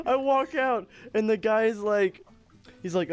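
A man's voice: sits high, fairly even intonation, slow pace, faint music behind. A young man chatting while gaming, telling a rambling story and breaking into giggles. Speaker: channel host and gamer. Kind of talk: casual gaming chat and storytelling.

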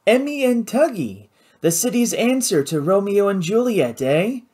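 A reader puts on a sleek, cruel Creole gangster type in his forties. He talks with slow, silky condescension and mocks people as he goes. This is audiobook character work. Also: mid-range voice, very animated, a little mellow, voice pushed up. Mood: mocking. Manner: smooth, disdainful, mocking.

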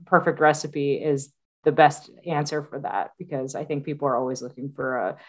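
A woman co-hosts an interview podcast and asks casual, reflective questions. Her voice sits very low for a woman. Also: fairly even intonation, normal speed, darkish tone. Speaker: podcast co-host.

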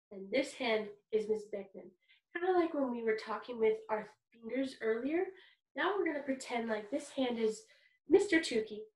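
High, upbeat woman teaching kids music. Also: darkish tone. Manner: cheerful, encouraging, speaks simply to small children. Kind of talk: online music lesson for young children.

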